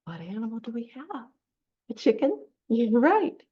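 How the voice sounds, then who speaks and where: A woman running a children's storytime, reading a picture book and coaxing the kids to join in with a lively, sing-song manner. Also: on the high side, moderate pace, slightly rough, highs cut off. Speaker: children's librarian.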